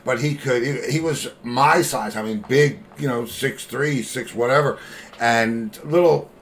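A man's voice: mid-range voice, a little slow, slight background noise. An older man hosting a casual chat, telling rambling stories and laughing as he talks. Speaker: podcast host.

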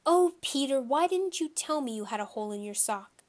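A woman's voice: sits high, lively intonation, fairly quick, a little mellow, pitched above the performer's own voice. A woman voicing a fussy, anxious mother of two boys, fretful and pleading.

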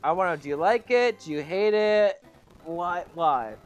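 A young man hosting a casual gaming let's play, joking, swearing and getting excited. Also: high voice, moderate pace, clear, resonant tone, soft background music.

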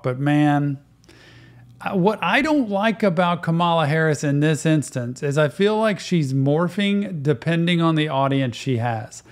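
A man hosting a reaction video, talking earnestly and conversationally about a clip. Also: fairly high pitch. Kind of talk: reaction commentary.

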